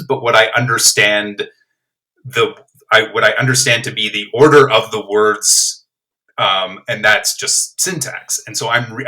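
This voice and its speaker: A man's voice: on the low side, bright, forceful tone, poor audio. A man guesting on a podcast, thinking aloud about language in an enthusiastic, reflective way. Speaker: guest, playwright. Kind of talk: casual podcast discussion.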